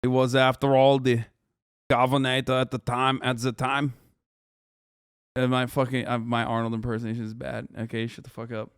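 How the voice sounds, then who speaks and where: Smooth-voiced man giving casual, profane commentary. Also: medium pitch, little pitch movement, normal speed, no echo, studio quality. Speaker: streamer host.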